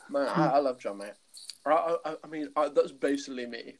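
A man's voice: medium pitch, lively intonation, moderate pace. A man co-hosting a podcast, bantering playfully and talking casually with many fillers. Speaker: podcast co-host. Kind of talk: casual chat.

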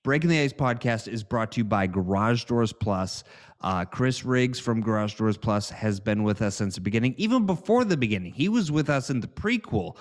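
A man's voice: medium pitch, animated, normal speed. A man hosting a podcast, reading sponsor spots in a loose, giggly, rambling way. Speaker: podcast host. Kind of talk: casual sponsor read.

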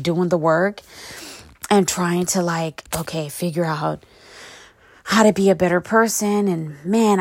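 Woman, lowish voice, solo podcast host; blunt and profane, rambles freely. Dry, close sound. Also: creaky, a little mellow, no room sound. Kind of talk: casual solo podcast monologue.

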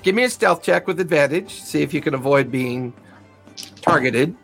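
A man narrating as game master of a tabletop role-playing game, lively and laughing as he goes. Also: fairly high pitch, moderate pace, gravelly, faint music behind.

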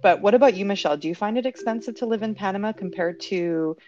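A woman from Canada hosting a podcast, talking casually in an outspoken, lively way. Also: mid-range voice, quick pace, muffled recording. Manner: lively, outspoken, laughs easily. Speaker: podcast host.

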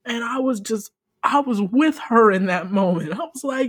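A young woman co-hosting a casual podcast chat, emphatic and profane, often swinging into high, excited exclamations. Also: normal speed, no echo, studio quality. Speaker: podcast co-host.

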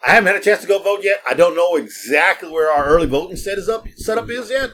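A brash middle-aged man, laughing and cursing through loose podcast banter. His voice sits a touch high for a man and jumps around widely in pitch. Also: expressive, quick pace, a bit bright. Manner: brash, joking, laughs a lot, swears freely. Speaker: podcast co-host. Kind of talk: casual banter.

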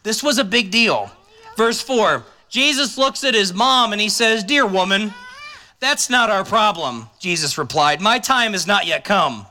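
A male pastor preaching in a relaxed, conversational way, with a high voice that rings very bright and sharp. He keeps the sermon light with joking asides. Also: measured pace.

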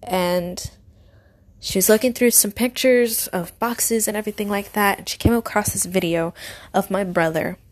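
A young woman speaking to her viewers about her faith and her family. Her voice sits at an ordinary middle pitch, and her delivery is earnest and emotional. She often lets it sink to a hushed whisper. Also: steady tone, normal speed. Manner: heartfelt and emotional, often dropping to a soft whisper. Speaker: vlogger. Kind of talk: personal faith-based storytelling.

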